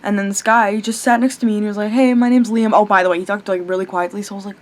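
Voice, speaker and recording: This young adult vlogger chats away at a racing clip in a medium-pitched voice, animated and rambling through a late-night video. Fillers, restarts and casual swearing pile up, and now and then she breaks off to speak to her pet.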